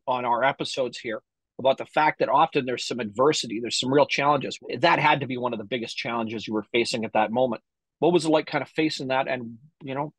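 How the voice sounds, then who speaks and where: Husky-voiced man hosting a podcast. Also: medium pitch, no echo, poor audio. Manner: energetic, slangy. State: a little tired. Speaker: podcast host. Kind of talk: casual interview.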